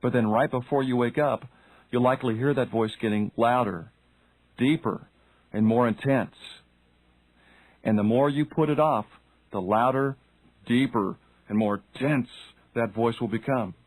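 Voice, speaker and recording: A man's voice: mid-range voice, unhurried, long pauses, darkish tone, dry recording, poor audio. Man narrating a self-help audiobook. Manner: direct, addresses the listener with questions.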